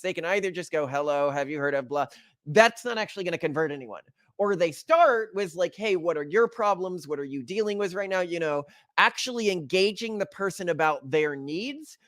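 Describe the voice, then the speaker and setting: A man's voice: on the high side, fairly bright tone, no room sound, clean studio sound. A man hosting an interview podcast, unpacking his guest's points for listeners in an analytical, conversational way. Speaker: podcast host.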